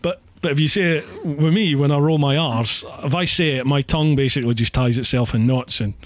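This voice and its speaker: A man's voice: a little high, brisk, no echo. A Scottish man hosting a casual chat over a call, chatty and self-deprecating, laughing often. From Scotland. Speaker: podcast host.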